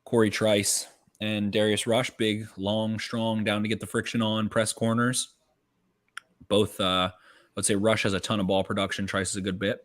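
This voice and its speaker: A man co-hosting a podcast, giving quick, profane football analysis in casual chat. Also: fairly low pitch, flat delivery, fairly bright tone. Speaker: podcast co-host. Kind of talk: casual draft-night chat.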